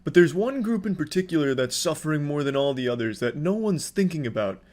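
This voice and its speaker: A man's voice: fairly high pitch, lively intonation, a little fast, a little mellow. A man giving sarcastic video commentary, mock-sincere and swearing often.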